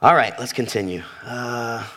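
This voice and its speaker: A man's voice: mid-range voice, a little slow, fairly bright tone. A man preaching a sermon as pastor, emphatic, repeating phrases and asking the congregation questions. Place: church sanctuary.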